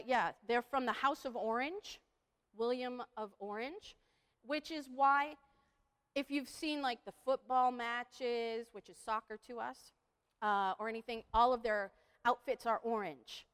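A woman's voice: a little high, unhurried, fairly bright tone, clear, resonant tone. A woman giving a playful talk to an audience, leading them in repeating phrases. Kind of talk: lively presentation with audience participation. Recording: long hall reverb.

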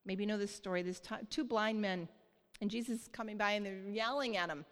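A woman preaching a sermon in church, earnest and light, often laughing softly and checking in with the congregation. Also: mid-range voice, a little fast. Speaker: church speaker. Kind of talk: sermon on giving. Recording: long hall reverb.

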